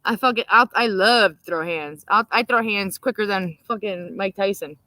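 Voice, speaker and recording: A woman's voice: mid-range voice, normal speed, bright, forceful tone, dry recording. A brash woman chatting casually on a live stream, swearing freely and laughing often. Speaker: co-host.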